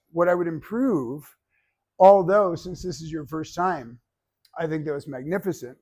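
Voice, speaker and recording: A man coaching a public speaking class, giving feedback and telling stories in an animated way that acts out other people's voices. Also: fairly high pitch.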